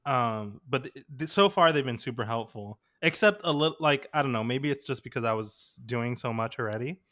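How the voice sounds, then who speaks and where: A man's voice: medium pitch, animated, a little fast, a bit bright. A young adult man, a podcast co-host, chatting casually and telling stories in a rambling way full of fillers. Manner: rambling, filler-heavy storytelling. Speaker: podcast co-host, graphic designer.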